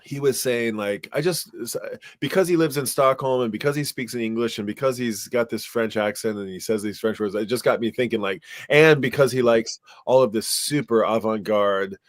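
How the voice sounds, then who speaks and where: A middle-aged man co-hosting a podcast, telling stories in a rambling, animated way with lots of fillers. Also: mid-range voice, moderate pace, no room sound, studio quality. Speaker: podcast co-host. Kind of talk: casual chat.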